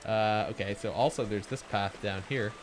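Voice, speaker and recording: A man's voice: lowish voice, normal speed, slight background noise. A man giving chatty, joking commentary while streaming a game. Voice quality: chatty, joking, self-deprecating. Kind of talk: casual gameplay commentary.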